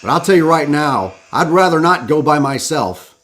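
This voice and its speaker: A man's voice: fairly high pitch, animated, moderate pace, a bit bright. A man hosting a podcast, delivering a fired-up, profane monologue that rallies his listeners, with music behind him. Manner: profane, preachy, rallying the listener. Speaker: podcast host. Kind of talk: impassioned live-stream monologue.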